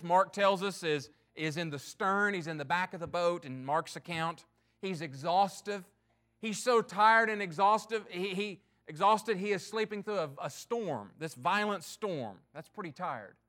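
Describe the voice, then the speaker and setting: A man with a high-pitched voice delivers a sermon to a congregation. He preaches earnestly and emphatically, pushing some points hard and letting others drop low and slow. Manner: earnest, emphatic preaching with swings in loudness and pace. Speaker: pastor.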